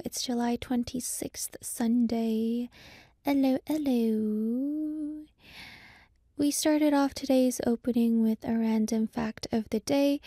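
Woman radio DJ, chatty and rambling, mellow tone, dry close studio sound. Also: a little high, gravelly, dry recording. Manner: chatty and rambling, with many "like" fillers. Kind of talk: casual radio show chat.

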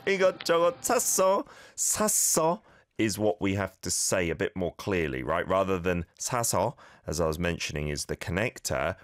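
A man hosting a language lesson show, patiently and encouragingly modelling phrases and gently correcting listeners' pronunciation. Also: low voice, no echo, clean studio sound. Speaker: host and language teacher. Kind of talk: radio-style language lesson with listener feedback.

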